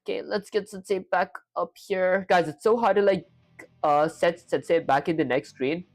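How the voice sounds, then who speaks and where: A man's voice: high voice, steady tone, normal speed, faint music behind. A young man with an Indian accent live-streaming his coding, thinking aloud through each step and chatting with viewers.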